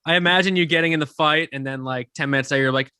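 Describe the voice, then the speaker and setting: A man's voice: fairly high pitch, racing, pushed and bright, smooth, no echo, clean studio sound. A man co-hosting a casual podcast, jokey, chiming in with playful impressions. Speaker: podcast co-host.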